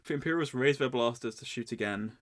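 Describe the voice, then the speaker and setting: A man co-hosting a podcast, recapping a book in a wry, deadpan way. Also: mid-range voice, brisk, noisy background. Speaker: podcast co-host.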